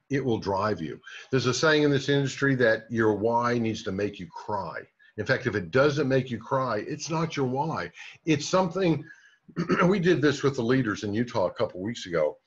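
Male sales coach with a slightly raspy voice, direct and motivating, lo-fi recording. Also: mid-range voice. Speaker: sales trainer. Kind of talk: training talk.

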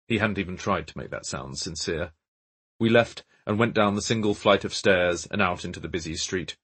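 Husky low-voiced male narrator. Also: normal speed, fairly bright tone. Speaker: audiobook narrator. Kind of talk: scripted narration.

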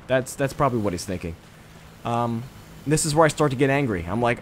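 A man's voice: medium pitch, quick pace, slight background noise. A man giving casual, profane commentary over his own gameplay footage, worked up as he retells the match. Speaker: gaming commentator.

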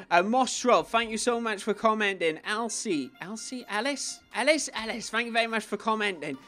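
A man hosting his own gaming channel, giving chatty gameplay commentary that swings between low mumbling and excited squeals. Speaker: YouTube gaming channel host. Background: faint background music.

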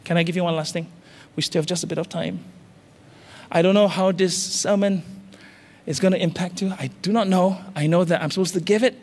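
His voice sits high and a little mellow, steady in tone and brisk in pace. The man, a senior pastor from Singapore, delivers a fervent sermon in a reverberant hall with faint music, pushing his listeners with insistent, repeated exhortations that climb in intensity.

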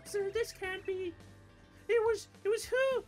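A man voicing a prim, fussy young princess in a drawn-out falsetto over a video game. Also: over music. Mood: indignant. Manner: high breathy falsetto, drawn out.

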